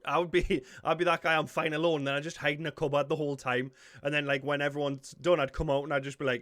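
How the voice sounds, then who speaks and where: Geordie lad reacting to a movie, bright slightly high voice, dry close sound, swears a lot and gets loud when shocked. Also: male voice, fast, few pauses, no room sound. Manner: excitable, sweary, blurts out shock. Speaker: reaction video host. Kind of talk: casual film reaction commentary.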